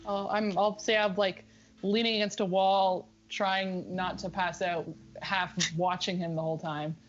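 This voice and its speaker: A woman's voice: medium pitch, flat delivery, measured pace, dull audio, faint music behind. A woman playing a tabletop game, talking in a blunt, casual way. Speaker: player.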